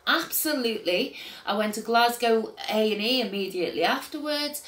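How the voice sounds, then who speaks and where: A woman's voice: on the high side, normal speed. Agitated grandmother in an echoey room. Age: older. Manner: agitated, swinging between quiet and loud outbursts, swearing. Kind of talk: emotional personal account to camera.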